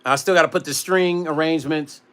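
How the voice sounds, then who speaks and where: A man who makes music chats casually on a livestream from his home studio. He reads viewer comments aloud as he talks, and his voice is bright and sits a little high. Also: steady tone, a little fast, slight background noise. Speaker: music producer and vlog host.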